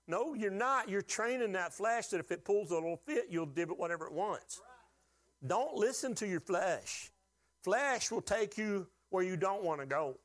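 A man's voice: high voice, lively intonation, moderate pace, a bit bright. A man preaching a sermon, with folksy humor and call-and-response questions to the congregation. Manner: folksy humor, acts out quoted voices. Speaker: pastor.

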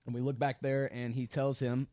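A man's voice: mid-range voice, steady tone, measured pace, vocal fry, a little mellow, no echo, studio quality. A man teaching a casual Bible study, reading scripture and then talking it through in a loose conversational way with many fillers and sarcastic asides.

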